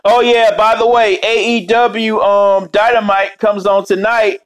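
A man's voice: sits high, unhurried. Profane, rambling man ranting casually. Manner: cursing constantly, rambling, animated. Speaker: vlogger.

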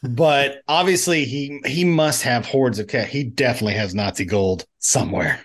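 A man co-hosting a casual movie podcast, arguing his point and retelling scenes with lively quoted lines. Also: mid-range voice, moderate pace. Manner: argumentative, animated storytelling, quotes lines in funny voices. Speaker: podcast co-host.

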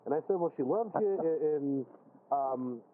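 A man's voice: medium pitch, animated, moderate pace. A man hosting a podcast interview, chatty, telling stories with frequent stammered restarts. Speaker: podcast host. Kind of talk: casual interview. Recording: dull lo-fi audio with faint background hiss.

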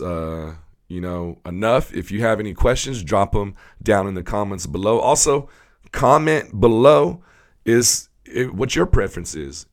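Rambling, heartfelt man with a low voice. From Southern California. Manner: rambling, heartfelt, with many fillers and restarts. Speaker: host. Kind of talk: casual vlog talk to camera.

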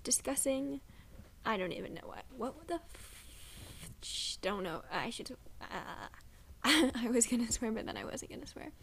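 A young woman in her late teens, from the United States, co-hosting a casual podcast chat. She rambles and often drops into quick whispered asides. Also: a little high, big pitch swings, gravelly, fairly bright tone, a little hiss or hum. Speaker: podcast co-host.

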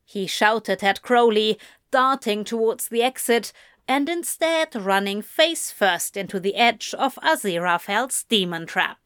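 A woman narrating a fan fiction story aloud with measured, expressive delivery. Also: on the high side, no echo, clean studio sound. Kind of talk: audiobook reading of fan fiction.

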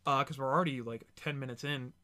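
A man's voice: medium pitch, quick pace. Rambling male podcast host. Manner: excitable, rambling, frequent fillers. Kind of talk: casual podcast chat.

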